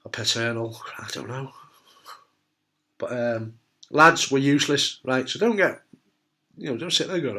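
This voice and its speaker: A man's voice: mid-range voice, bright, forceful tone. Man, middle-aged, from the UK, blunt, jokey, casual, frequent restarts. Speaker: testicular cancer survivor giving advice. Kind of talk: candid casual talk to camera.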